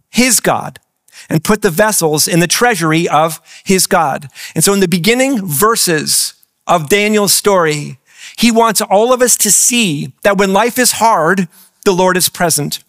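Male pastor preaching, kinda high voice, asks the crowd stuff, dry close sound. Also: moderate pace, fairly bright tone, dry recording. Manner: engaging, asks the congregation questions. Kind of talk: sermon. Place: church with several campuses.

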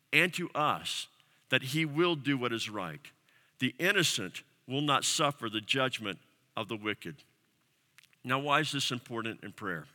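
A man's voice: medium pitch, bright, forceful tone, in a large hall. A male pastor preaching a sermon, earnest and emphatic, building his points through repeated phrases and pointed questions. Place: church sanctuary.

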